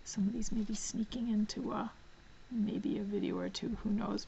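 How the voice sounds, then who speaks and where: A woman's voice: medium pitch, little pitch movement, unhurried, creaky, muffled recording, a little hiss or hum. Chatty, giggly book-haul woman. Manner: chatty, giggly, drifts into soft whispers while reading spines. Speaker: book vlogger. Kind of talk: casual book haul vlog. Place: home.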